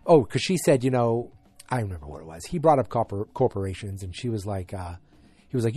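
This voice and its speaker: A man casually recapping a TV episode, halting and rambling with frequent restarts. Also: fairly low pitch, lively intonation, mellow, slightly rough, dry recording. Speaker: show recap host.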